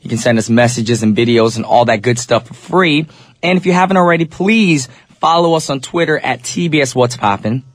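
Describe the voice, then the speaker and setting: A man hosting a live radio show from the studio, chatting upbeat with listeners while a little sick, his voice deeper than usual. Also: expressive, fairly quick, no echo.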